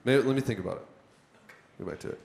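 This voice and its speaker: A man's voice: medium pitch, fast talker, vocal fry, a little mellow. A man leading a live workshop on content creation for a room of listeners, talking conversationally and putting questions to the audience. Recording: echoey room.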